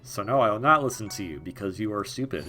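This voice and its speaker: A man's voice: fairly low pitch, expressive, quick pace, bright, forceful tone, faint music behind. A man giving casual, rambling commentary over a video game, joking and drifting into tangents and mumbled asides. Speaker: gaming video host. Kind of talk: casual let's-play commentary.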